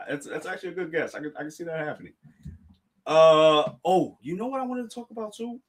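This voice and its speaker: A young man live-streaming a reaction, talking excitedly, stumbling over words and thanking his chat. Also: sits high. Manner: excitable, restarts and apologizes, addresses chat. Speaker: streamer reacting to a manga chapter.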